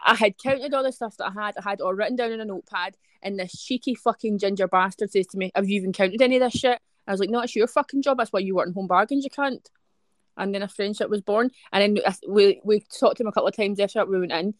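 A woman's voice: mid-range voice, fast talker, hardly any pauses, no room sound. A young Scottish woman co-hosting a podcast, telling blunt, profanity-laden stories in casual chat. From Scotland. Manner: sweary, blunt storyteller. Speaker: podcast co-host.

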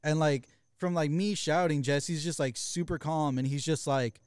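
Brief: young male podcast co-host, clear close-miked dry voice, slightly high, swears a lot while storytelling. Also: dry recording. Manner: fast, profane, retells with quoted voices. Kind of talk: casual storytelling chat.

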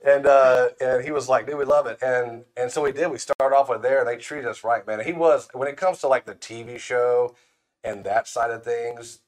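A man from the Florida panhandle, a brand founder appearing as a podcast guest, chats casually and spins folksy stories, acting out the voices of the people he quotes. His voice is mid-range with fairly even intonation at a normal speed.

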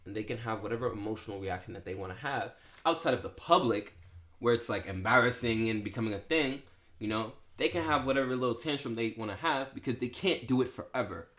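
A young man with a mid-range, fairly bright voice co-hosts a podcast, arguing his side in a casual debate. His talk is conversational and heavily padded with "like" and "you know."

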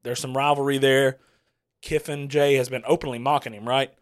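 A man's voice: mid-range voice, moderate pace. A man hosting a sports podcast, swearing freely, laughing often and telling stories in a loose, casual chat. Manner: profane, laughs often, animated storyteller. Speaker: podcast host.

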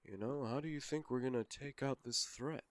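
A man playing Santa Claus as a vengeful action hero in an improvised comedy podcast, with a lively, theatrical delivery. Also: mid-range voice, normal speed, dry recording, natural voice. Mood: scheming. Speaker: podcast host. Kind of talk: improvised comedy role-play.

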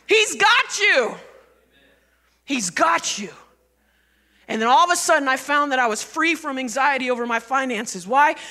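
Woman, pastor, conversational sermon, asks the crowd questions, bright voice, long church reverb. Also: sits high, normal speed. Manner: conversational and animated, asking the congregation questions.

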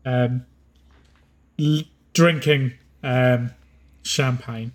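A man running a tabletop game as game master, narrating haltingly with many pauses and filler sounds. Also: mid-range voice, fairly even intonation. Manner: halting, full of ums, slows for grim scenes.

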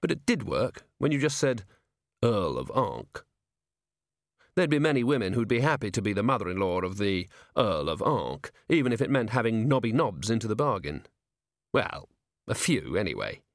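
Fields: Role: measured male audiobook narrator. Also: fairly low pitch, sing-song, no echo, clean studio sound. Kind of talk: scripted narration.

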